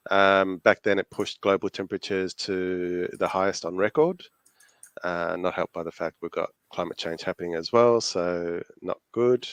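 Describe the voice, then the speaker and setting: A man with an Australian accent co-hosting a podcast, explaining things in an easygoing, halting way. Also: deep voice, fairly even intonation, clear, resonant tone, no room sound. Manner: easygoing, laughs often, halting. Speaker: podcast co-host. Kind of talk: casual chat.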